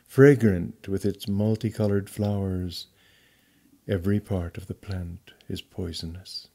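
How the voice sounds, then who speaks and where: A man reading a memoir aloud as an audiobook narrator, in a measured, deliberate style. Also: on the low side, warm tone. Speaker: audiobook reader.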